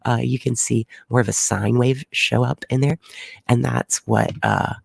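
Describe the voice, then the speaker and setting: A man's voice: mid-range voice, fairly even intonation, a little slow, gravelly, breathy edge, no room sound. A man hosting a weather livestream, explaining at length and rambling with fillers and restarts, close to his microphone.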